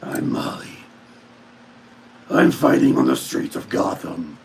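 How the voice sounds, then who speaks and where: A man voicing his small female dog as a gruff caped crimefighter in a low, raspy half-whisper. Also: big pitch swings, slow pace, a little hiss or hum, heavily acted.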